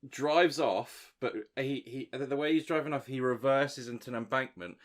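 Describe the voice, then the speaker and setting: A man's voice: mid-range voice, moderate pace. A man co-hosting a podcast, telling a long story in casual chat, rambling with restarts and swearing. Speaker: podcast co-host.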